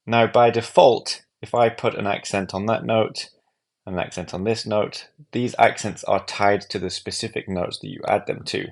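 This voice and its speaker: A man with a deep voice and a gravelly edge talks through an app tutorial. He explains one step at a time, calm and methodical. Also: normal speed. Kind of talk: screen-recorded software walkthrough.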